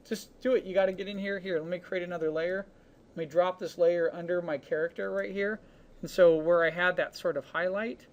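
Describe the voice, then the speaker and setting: Brief: man, casual art teacher, talks through every brush stroke in an easygoing screen-recorded lesson. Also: a little hiss or hum. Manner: relaxed, talks while painting, narrates each brush stroke; casual, with fillers like "boom" and "you know". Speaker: digital painting instructor.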